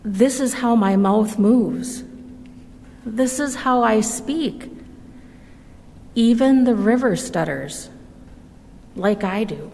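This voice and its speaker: A woman reading a children's story aloud at a church service, gentle and measured. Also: a little high, vocal fry. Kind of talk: slow storybook read-aloud. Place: church sanctuary. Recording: long reverb of a large hall.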